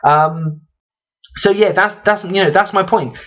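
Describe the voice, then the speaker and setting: A young man rants through a vlog in a somewhat high voice, exasperated and full of swearing, often stopping to restart a thought. He rambles on and on, and the recording is a touch dull and lo-fi. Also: a little slow, fairly bright tone. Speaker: vlogger. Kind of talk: ranting commentary vlog.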